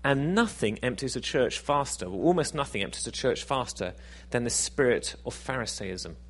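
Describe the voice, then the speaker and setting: A man's voice: mid-range voice, animated, moderate pace, breathy edge. A man preaching a sermon in a conversational, self-deprecating, jokey way.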